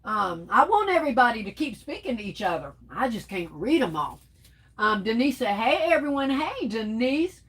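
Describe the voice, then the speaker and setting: A woman's voice: a little high, big pitch swings, normal speed, a bit bright, husky, low-quality recording. Chatty woman hosting a livestream. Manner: chatty and teasing, addresses viewers as y'all, laughs often. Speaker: livestream host. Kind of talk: casual livestream chat, reading viewer comments aloud.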